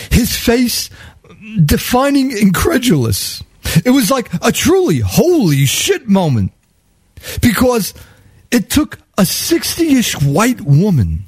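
Wry high-voiced New storyteller. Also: male voice, husky, dry recording. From New York. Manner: wry, sardonic, chuckling, wordy. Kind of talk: comic storytelling monologue.

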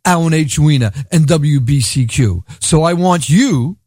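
A man's voice: a little high, unhurried, a little mellow, dry recording, clean studio sound. A man with a Brooklyn accent hosting a radio show, rambling sardonically and laughing at his own jokes. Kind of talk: irreverent comedic radio monologue.

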